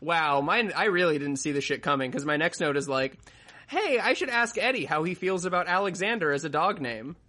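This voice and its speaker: A man chats casually on a podcast with a bright, slightly high voice. He laughs a lot and swears offhandedly while joking through the story. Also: expressive, fairly quick. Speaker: podcast co-host. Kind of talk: casual chat recapping an anime.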